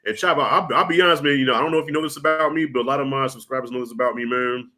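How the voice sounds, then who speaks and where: A man guesting on a pop-culture podcast, telling stories in an animated, emphatic way with lots of repeated words and an openly sentimental streak. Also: medium pitch, very fast. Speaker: guest, fellow YouTuber.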